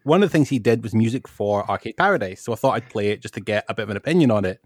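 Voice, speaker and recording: A man's voice: on the low side, lively intonation, very fast, no echo, clean studio sound. A Scottish man from Scotland, a guest on a gaming podcast, talking in an easygoing, rambling way. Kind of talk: casual podcast chat.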